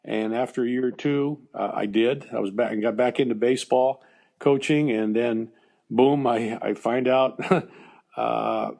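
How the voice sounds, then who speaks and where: Gravelly older American man, halting. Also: mid-range voice, steady tone, a little mellow. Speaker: former baseball coach, guest. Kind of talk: emotional storytelling interview.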